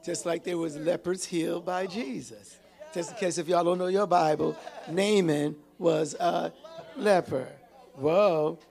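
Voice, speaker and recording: A man's voice: fairly high pitch, steady tone, a little slow, vocal fry, a little mellow. A male pastor preaching a sermon with call-and-response, often repeating and restarting his phrases.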